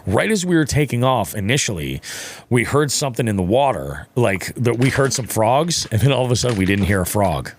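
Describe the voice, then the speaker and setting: There's slight background noise as a young man, medium-pitched and fairly quick, spins a casual fishing tale on a podcast. Animated and profane, he performs what the other people said.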